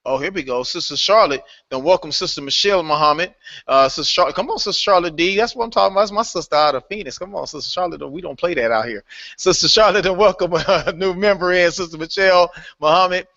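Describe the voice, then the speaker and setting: A man hosting a live online call, welcoming new members in a lively, playful way and laughing often. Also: high voice, fast talker, creaky, dry recording. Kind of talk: casual live call-in chat. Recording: dull lo-fi online call audio.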